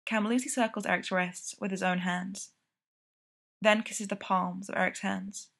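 A woman narrating a piece of fiction in a steady storytelling delivery. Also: mid-range voice, moderate pace, creaky. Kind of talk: audiobook reading of fiction.

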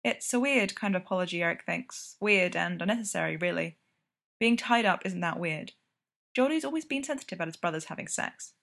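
A woman narrating a piece of fiction in a steady storytelling delivery. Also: on the low side, fairly quick, creaky. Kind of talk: audiobook reading of fiction.

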